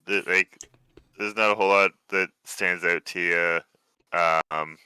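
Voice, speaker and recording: A man narrating a tabletop game as game master, describing rooms with relaxed, hesitant phrasing and many fillers. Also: deep voice, slow pace, clean tone, no room sound.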